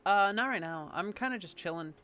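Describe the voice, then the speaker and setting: A woman's voice: medium pitch, lively intonation, a little fast, a bit bright, faint music behind. A woman streamer in casual live-stream chat, rambling and chatty, swearing now and then.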